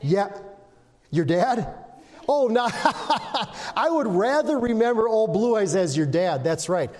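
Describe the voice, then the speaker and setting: A man's voice: high voice, animated, a little slow, a little mellow, in a large hall. An older man preaching an informal sermon, chatting with the congregation, asking questions and breaking into little sung snippets. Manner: conversational, asks the congregation questions, hums and sings snippets. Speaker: pastor.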